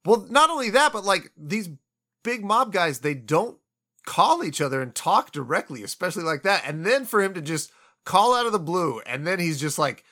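A man casually discussing a comedy film, animated and swearing freely as he retells scenes. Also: high voice, normal speed.

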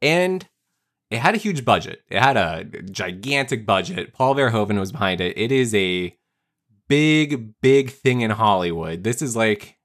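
A man hosting a casual movie podcast, talking quickly and jokingly with his co-hosts. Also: fairly low pitch, expressive, a bit bright. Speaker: podcast host.

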